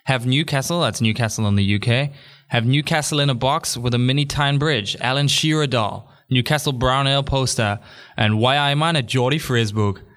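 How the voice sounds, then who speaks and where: Upbeat young male podcast host, chatty monologue with quick jokey asides, mid pitch. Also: fairly bright tone. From England.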